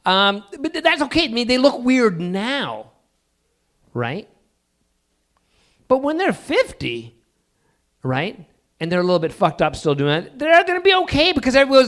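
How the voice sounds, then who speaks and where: A man from Alberta performs an open-mic stand-up set with a high voice that leaps up and down. His delivery is rambling and self-deprecating, broken up by halting fillers as he works through his bits. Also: very animated, fairly bright tone. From Alberta, Canada.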